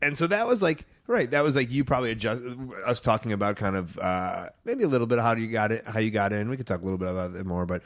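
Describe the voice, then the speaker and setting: A man's voice: fairly low pitch, fast, few pauses. A man hosting a podcast, chatting casually with a guest, laughing often and rambling through loose restarts. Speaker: podcast host.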